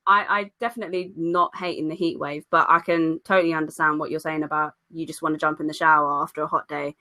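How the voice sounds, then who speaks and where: A woman's voice: low voice, fast talker. A young woman, co-hosting a podcast in casual chat and telling stories with acted-out quotes. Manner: lively storyteller, acts out quoted voices. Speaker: podcast co-host.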